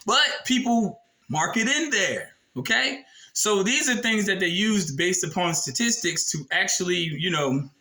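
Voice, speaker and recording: Blunt, high-voiced man explaining a form. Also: animated, unhurried, sharp tone, rough recording. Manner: blunt, emphatic and profane, with rhetorical questions. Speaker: video presenter. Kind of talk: casual explainer reading from a form.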